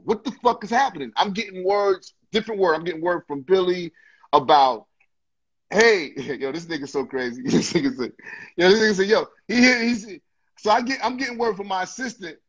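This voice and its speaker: A man talks through phone earbuds on a video call, his voice fairly high and a little husky. The sound is dull and lo-fi. He tells his story in an animated way, swearing often and repeating phrases as he builds it up. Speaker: interview guest. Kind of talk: casual storytelling on a livestream.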